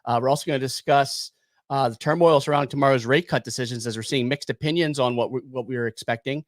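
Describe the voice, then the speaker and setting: A man hosting a podcast, opening the show and chatting in a relaxed, loose way with fillers. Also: mid-range voice, fast, no room sound. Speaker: podcast host. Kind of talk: casual crypto podcast chat.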